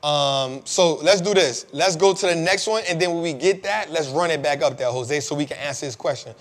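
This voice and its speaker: Male host, slightly high voice, loose slangy live-stream Q&A delivery, lots of ums. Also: brisk. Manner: laid-back slangy talk, many fillers. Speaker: host of a live investing show.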